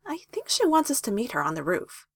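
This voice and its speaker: A woman's voice: extremely high pitch, very animated, slow, darkish tone, voice pushed up, exaggerated voice. A woman voicing a hesitant, thoughtful young girl ninja in a fanfic reading.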